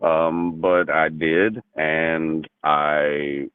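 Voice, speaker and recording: A man's voice: very deep voice, flat delivery, drawn-out words, smooth, dry recording. A man arguing on a call, hesitant and defensive, stumbling over restarts. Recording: tinny phone line.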